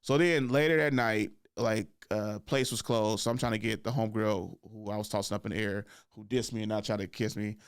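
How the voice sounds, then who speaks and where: A man's voice: on the low side, fairly even intonation, brisk, few pauses, smooth, no echo, clean studio sound. A man in his thirties hosting a podcast, telling a story casually with frequent laughs and "like" and "right?" fillers. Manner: laughs often, fills with "like" and "right?". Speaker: podcast host.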